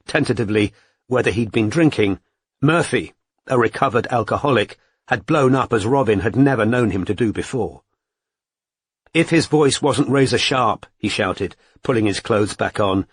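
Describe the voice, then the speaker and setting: A man reading a crime novel as an audiobook narrator, in an even, measured way. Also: medium pitch, breathy edge, no echo. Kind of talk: scripted narration.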